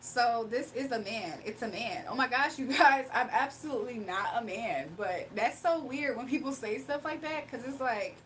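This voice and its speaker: A woman's voice: on the high side, moderate pace, hardly any pauses, a bit bright, slight background noise. Sassy woman on a livestream. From Virginia, United States. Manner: playful, sassy, laughs often. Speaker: livestream host. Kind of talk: casual livestream chat reading comments.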